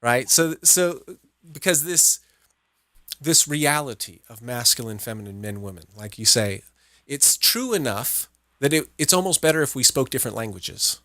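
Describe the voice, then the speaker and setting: Animated, bright-voiced male podcast host. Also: medium pitch, moderate pace, no room sound, studio quality. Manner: enthusiastic, laughs often, repeats "right?", acts out little dialogues. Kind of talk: casual interview chat.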